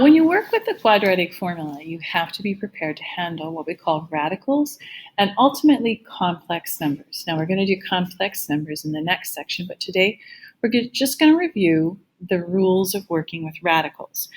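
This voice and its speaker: Woman math teacher, lowish husky voice, patient step-by-step lecture delivery. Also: poor audio. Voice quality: gravelly. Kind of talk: recorded classroom lecture.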